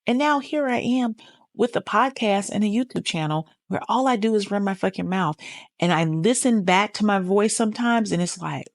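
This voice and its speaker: A woman podcast host speaks in a casual, motivational way, addressing the listener directly and swearing without hesitation. Her voice sits at an ordinary middle pitch, and the close microphone gives a dry, dead sound with no room around it. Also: lively intonation, normal speed, no echo. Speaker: podcast host, healing coach.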